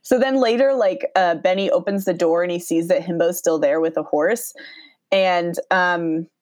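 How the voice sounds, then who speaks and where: A woman's voice: lowish voice, moderate pace, a little mellow, dry recording. A woman casually recapping a movie, acting out the characters' lines and laughing often. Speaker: podcast co-host recapping a movie. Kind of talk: casual chat.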